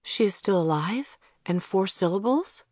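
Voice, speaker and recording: Narrator doing a quiet orphan girl. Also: medium pitch, normal speed, dry recording, clean studio sound, lightly acted. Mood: startled.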